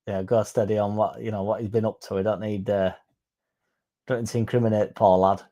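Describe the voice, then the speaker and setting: Young Yorkshire man, chatty fan host, laddish and crude, warm low tone. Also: flat delivery, fairly quick, muffled recording. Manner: sweary, laddish and jokey. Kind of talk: casual chat.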